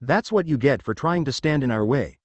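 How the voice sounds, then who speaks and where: A man's voice: mid-range voice, lively intonation, normal speed, no room sound, natural voice. Man voicing a menacing shape-shifting creature. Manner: cold, contemptuous threats. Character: hostile shape-shifting alien creature, male.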